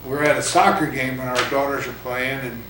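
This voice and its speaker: A man's voice: medium pitch, fairly even intonation, normal speed, background noise. An older man, a former baseball coach, talking bluntly in a casual interview, rambling with fillers. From California. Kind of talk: casual oral-history interview. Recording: roomy, distant mic, faint ambience.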